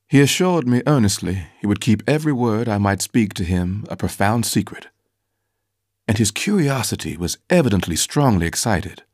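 A man giving scripted first-person audiobook narration in a measured, formal storytelling manner. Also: lowish voice, expressive, darkish tone, no echo, clean studio sound.

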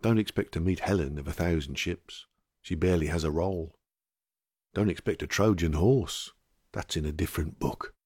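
A man delivering scripted narration in a measured, wry tone. His voice is very deep with a husky edge. The recording is dry and close. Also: darkish tone, no echo.

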